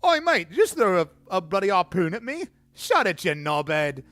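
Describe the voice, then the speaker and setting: A man's voice: sits high, very animated, normal speed, sharp tone, dry recording, voice pushed up, heavily acted. A man voicing a brash, stereotypical young British lad with an exaggerated put-on British accent, in an indignant, slang-filled outburst.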